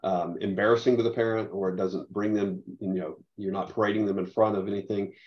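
A man who coaches soccer, speaking haltingly with many restarts in a webinar discussion. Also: fairly low pitch, fairly even intonation. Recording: muffled lo-fi audio.

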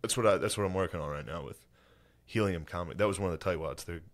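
A young man co-hosting a casual podcast, excitable, with sudden loud high-pitched bursts when telling stories. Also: quick pace. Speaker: podcast co-host, comedian.

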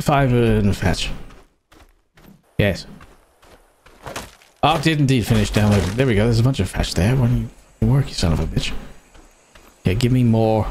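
A young man giving gameplay commentary as a streamer, excitable and swearing at the game as he plays. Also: mid-range voice, a little hiss or hum.

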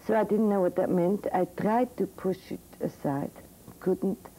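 An older Swiss woman psychiatrist with a mid-range, dark voice speaks unhurriedly, telling medical students a personal story in a frank, vivid lecture. The audio is poor, from an old 1982 recording with faint hiss.

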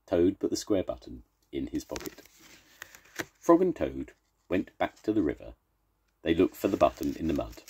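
An older man, a grandfather, reading a children's storybook aloud, slow and expressive. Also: rumbling low, husky. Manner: slow, expressive read-aloud with warm sign-offs.

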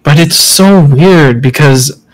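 Fan audio drama. A man playing a cocky schoolboy with a slightly high voice who stammers and mocks. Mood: puzzled. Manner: halting, stammering, then mocking. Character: cocky teasing male student.

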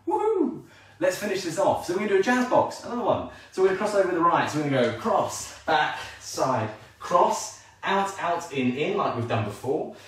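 Male dance instructor, lively and self-joking, calling counts off-mic in a reverberant home room. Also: on the high side, brisk, recorded from a distance. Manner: upbeat, calls counts rhythmically, jokes about himself. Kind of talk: live online dance lesson. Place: at home, moving while teaching. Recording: very echoey room, voice off-mic, faint noise.

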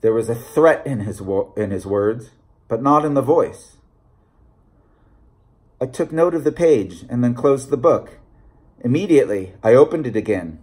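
Man with a mellow reading voice. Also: mid-range voice, lively intonation. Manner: measured, deliberate reading. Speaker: audiobook reader. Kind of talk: scripted narration.

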